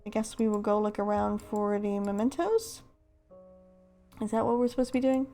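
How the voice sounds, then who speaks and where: A woman's voice: medium pitch, normal speed, warm tone, soft background music. A woman casually commenting while playing a video game, chatty and self-deprecating. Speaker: let's-play host.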